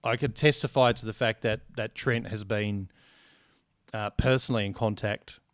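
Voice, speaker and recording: Man, sports podcast co-host, low voice, dry close mic, blunt, jokey, swears. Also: steady tone, moderate pace, no echo. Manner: blunt, joking, swears freely. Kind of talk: casual sports podcast chat.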